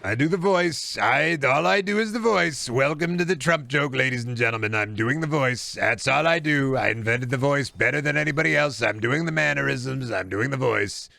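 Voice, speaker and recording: A man's voice: mid-range voice, animated, normal speed, gravelly, hardly any pauses, sharp tone, no echo, full character voice. A man doing an impression of a boastful, pompous middle-aged male politician who repeats himself and praises himself. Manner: bragging, repetitive, self-praising.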